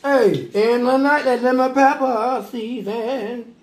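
A man's voice: extremely high pitch, fairly even intonation, takes it slowly. A man co-hosting a casual home mukbang, joking around, laughing and mimicking voices. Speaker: co-host. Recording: echoey room with light noise.

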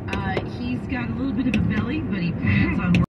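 A radio co-host chiming in with quick, reactive quips in casual banter. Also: mid-range voice, recorded from a distance. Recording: car radio heard in a moving car, muffled, road noise.

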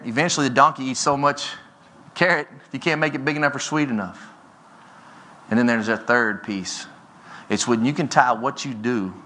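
A man in his forties giving a motivational keynote speech from a conference stage, telling stories with energy and often rising in pitch and volume. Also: bright, forceful tone, a little hiss or hum. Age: 40s. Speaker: keynote speaker. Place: conference stage before an audience.

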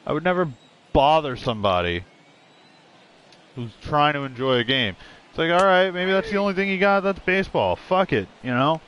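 Playing a video game, a man offers blunt, profanity-filled, meandering commentary for his stream. He sounds animated, with a slightly high, somewhat bright voice at a normal speed, and there's a little background noise.

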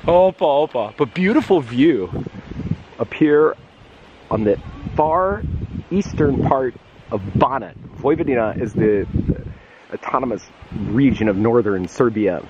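A man in his forties from the United States, chatting casually and excitably as he walks and vlogs outdoors, out of breath on a climb. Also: mid-range voice, a little slow, pauses often, lo-fi sound. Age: 40s. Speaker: travel vlogger. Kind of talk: casual walking vlog. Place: outdoors in a windy town and hillside. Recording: wind noise on outdoor mic.

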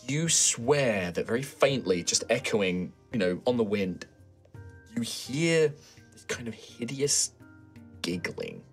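A British man narrating a tabletop game as game master, relaxed and rambling with many fillers. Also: mid-range voice, slow, faint music behind.

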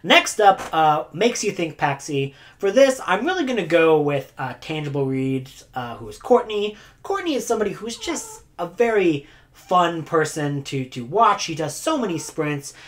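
Talking at a normal speed with hardly any pauses, this woman has a deep, sing-song voice. She is a booktuber giving community awards, chatting loosely to camera with plenty of "like" fillers and frequent laughter between phrases.

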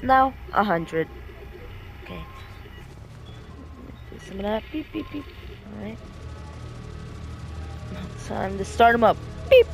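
A man's voice: sits high, lively intonation, takes it slowly, pauses often, over music. A man hosting a goofy game roleplay, joking, laughing and apologizing to his robot sidekick. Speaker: gaming roleplay host. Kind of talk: casual game roleplay narration.

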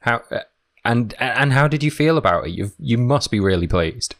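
A man's voice: medium pitch, animated, normal speed. A man hosting an endurance sports interview podcast, asking encouraging questions. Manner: warm, encouraging questions with restarts. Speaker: podcast host.

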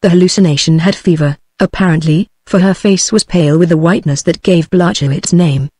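A synthetic British female text-to-speech voice narrating an audiobook in a flat, even reading. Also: lowish voice, a little fast, slightly rough, dry recording, studio quality. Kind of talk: scripted narration.

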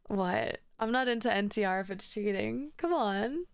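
A woman's voice: fairly high pitch, big pitch swings, measured pace, creaky, dry recording. A woman streamer chatting casually with her viewers while gaming, joking in a playful, crude and flirty way.

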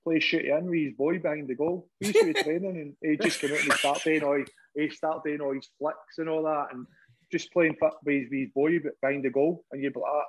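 Husky Scottish man telling stories. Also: a little high, fast. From Scotland. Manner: laughs often, animated anecdote telling with lots of "right?" and swearing. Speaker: podcast guest, former goalkeeper. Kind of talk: casual storytelling chat.

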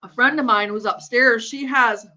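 Watching a game on her live stream, a woman chats and rambles at normal speed, laughing often and cursing without restraint. Her voice leans high with a sharp tone, and the sound quality is dull and lo-fi.

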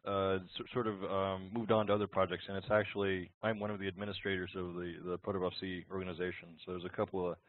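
A man answering a question as a guest on a webinar call, quick and halting with restarts. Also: sits low, little pitch movement, dry recording. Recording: distant, tinny phone-line audio.

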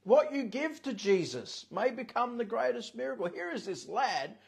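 A man's voice: very high voice, sing-song, normal speed, vocal fry, husky. A man, preaching as a pastor with emphasis and repeating his key phrases. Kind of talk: sermon.

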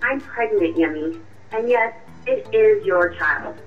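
A woman voicing a sharp, confrontational young girlfriend in a radio drama, with a cutting, accusing way of talking. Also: mid-range voice, expressive, a little slow, natural voice. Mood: triumphant. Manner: cutting, accusing, coolly triumphant. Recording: muffled distant voice with music.

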